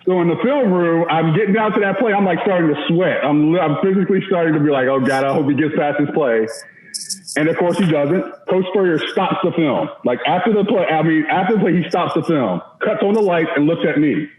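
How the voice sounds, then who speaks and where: A man's voice: on the high side, lively intonation, fairly quick, hardly any pauses. A man in his forties, a former college offensive lineman, telling a rambling, self-mocking story in casual talk. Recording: echoey, dull remote audio.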